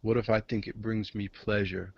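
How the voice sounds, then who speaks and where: A man's voice: on the low side, flat delivery, normal speed, vocal fry, husky, no room sound. A man in casual argument who pushes back with a stream of rhetorical questions. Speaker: debater in an online chat. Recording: dry, dull lo-fi audio.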